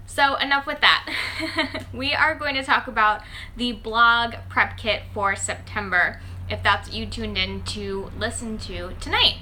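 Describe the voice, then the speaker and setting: A woman's voice: mid-range voice, a little slow, sharp tone, slight background noise. A woman hosting a casual phone livestream for her followers. She speaks with a slight lisp and talks in a chatty, upbeat way with frequent "um"s. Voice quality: slight lisp from dental aligners. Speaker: host and founder of a blogger network.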